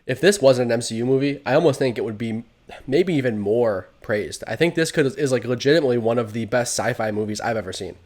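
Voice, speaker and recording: A man co-hosting a casual podcast, telling stories in an animated way. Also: medium pitch. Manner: animated storyteller, quick to laugh. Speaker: podcast co-host.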